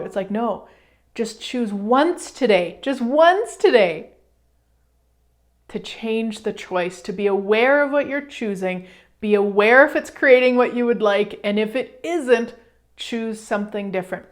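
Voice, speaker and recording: A woman hosting a self-help radio show, talking in an animated, casual way and acting out the voices she quotes, with some swearing. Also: mid-range voice, a little slow. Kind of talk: motivational self-help talk.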